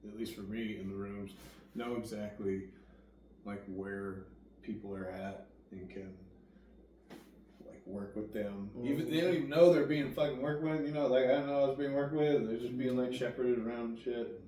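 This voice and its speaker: A young man casually telling a rambling, profane story, acting out what others said to him. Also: fairly low pitch. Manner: acts out quoted dialogue with lively voices. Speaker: guest sharing recovery story. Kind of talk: casual conversation. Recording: echoey room, distant mic, faint background noise.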